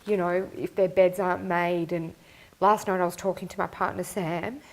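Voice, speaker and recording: A woman's voice: lowish voice, little pitch movement, moderate pace, poor audio. A young woman hosting a podcast, talking in an open, heartfelt and casual way. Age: young adult. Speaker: podcast host. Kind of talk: casual chat.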